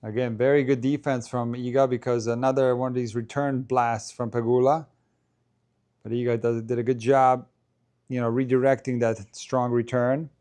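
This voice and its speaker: A man hosts a casual live stream, calling a tennis match shot by shot. His voice is mellow and warm, and his chatty delivery lifts at the big points. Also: mid-range voice, moderate pace. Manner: chatty play-by-play, rising in excitement at big points. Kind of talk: casual live watchalong commentary.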